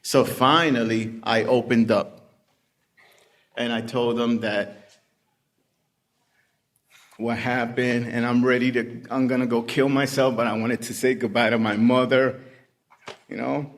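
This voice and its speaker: Unhurried man telling his recovery story. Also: medium pitch, little pitch movement. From Puerto Rican family background. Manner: unhurried, plain-spoken storytelling with many pauses. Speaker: recovery meeting speaker. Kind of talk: personal testimony.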